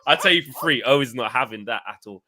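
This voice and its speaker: A man's voice: mid-range voice, animated, quick pace, a loud crowd. A man co-hosting a casual football fan panel, reading viewers' comments and bantering with laughter and swearing. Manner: banter-heavy, laughs often, swears when worked up. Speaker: co-host reading super chats.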